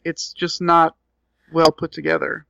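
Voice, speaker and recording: A man co-hosting a casual podcast chat, explaining in a measured way. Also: fairly high pitch, completely flat delivery, gravelly, sharp tone, dull audio, slight background noise. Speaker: podcast co-host.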